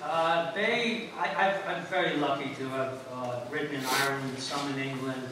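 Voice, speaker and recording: A man's voice: mid-range voice, normal speed. A former jockey giving a rambling, anecdotal memorial speech, laughing through his stories. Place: memorial service venue. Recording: echoey hall, mic from far off, noisy.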